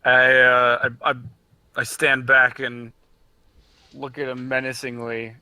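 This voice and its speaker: A man's voice: mid-range voice, little pitch movement, slow pace, pushed and bright, clear, resonant tone, no echo. A young man playing a character in a casual tabletop role-play, playful and giggly. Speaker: player.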